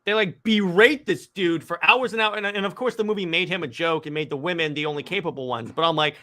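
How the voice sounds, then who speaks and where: High, bright-voiced excitable man. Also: fast. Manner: animated, stammering, laughs. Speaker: podcast host. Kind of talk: casual podcast discussion.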